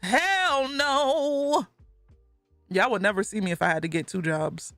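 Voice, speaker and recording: A woman's voice: fairly low pitch, fast talker, a bit bright, no echo, clean studio sound, faint music behind. A woman streaming live and reading chat messages aloud, talking in a casual way and laughing often.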